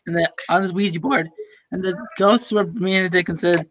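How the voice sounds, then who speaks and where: A young man in casual group voice chat, rambling and halting, full of fillers and restarts. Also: sits high, background noise. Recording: dull lo-fi voice chat audio.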